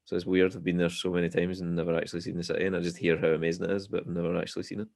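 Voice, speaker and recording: Scottish guy on a podcast, real deep voice, bit of gravel, laid back stories. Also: flat delivery, rapid-fire, a little mellow. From Scotland. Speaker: guest musician. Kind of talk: casual podcast chat.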